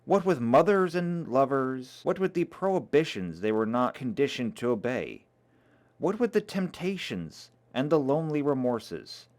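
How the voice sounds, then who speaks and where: A man reading a novel aloud in a dramatic, expressive way. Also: medium pitch, measured pace. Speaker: reader.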